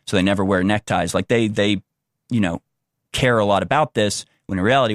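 A man's voice: lowish voice, dry recording, clean studio sound. A young man giving an unscripted, rambling commentary monologue, restarting sentences often and mocking the views he quotes in a sarcastic tone. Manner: rambling with many restarts and fillers. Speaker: political commentator.

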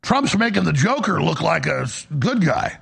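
A man holds forth on a political commentary show, heated and emphatic, restarting sentences as he goes. His voice is high and swings widely in pitch, with heavy vocal fry and a husky edge. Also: very animated, normal speed, a bit bright.

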